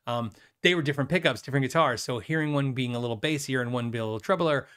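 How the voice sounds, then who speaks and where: A man hosting a live guitar show, chatting casually and rambling, with fillers and quick self-deprecating laughs. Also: mid-range voice, fairly bright tone, clear, resonant tone. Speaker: host of a guitar livestream. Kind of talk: casual live chat reading viewer questions.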